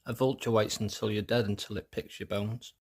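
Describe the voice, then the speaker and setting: A British man telling one-liner pub jokes, pitching his voice up for the quoted characters. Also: steady tone, a little fast, slightly rough. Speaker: comedian.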